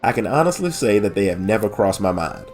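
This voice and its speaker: A man with a nasal voice voicing a cool, dry-witted young woman mage who speaks in a stony, old-fashioned way, raising his pitch somewhat. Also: very animated, a little fast, a little mellow, soft background music. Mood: aloof. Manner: stony, archaic, dryly sarcastic.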